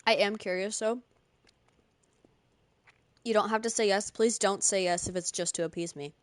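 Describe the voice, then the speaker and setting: A woman's voice: mid-range voice, normal speed, dry recording. A young woman streamer chatting casually with her live chat, often laughing. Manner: chatty, giggly, talks to chat.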